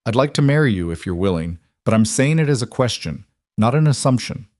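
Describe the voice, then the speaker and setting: A man voicing a reserved, careful middle-aged rancher in a storybook reading, halting and earnest. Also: medium pitch, expressive, a little mellow, no room sound, clean studio sound, lightly acted.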